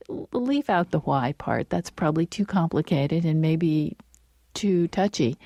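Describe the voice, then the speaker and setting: A woman co-hosting a radio interview, explaining in a measured way. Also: lowish voice, animated, dark tone, dry recording, clean studio sound. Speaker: radio show co-host.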